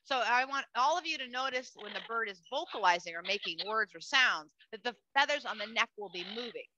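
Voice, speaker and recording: A woman hosting a live educational bird show for children, chatty and animated, cooing at the bird and talking to the audience. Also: fairly high pitch, brisk. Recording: dull lo-fi dry sound.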